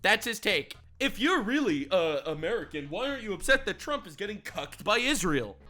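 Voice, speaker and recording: A man giving sarcastic, mocking reaction commentary on a video clip, excitable and quick to ridicule. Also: high-pitched, faint music behind. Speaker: commentary YouTuber.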